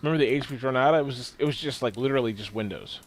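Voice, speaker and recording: Ranting, swearing podcast co-host. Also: male voice, medium pitch, very fast. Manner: animated storyteller, swears often, laughs while ranting. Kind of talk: casual chat.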